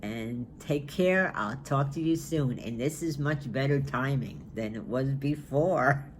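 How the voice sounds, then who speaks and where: A woman's voice: rumbling low, measured pace, slight background noise. A woman in her sixties, a knitting vlogger, chatting casually and musing aloud as she goes. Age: 60s. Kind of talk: casual chat.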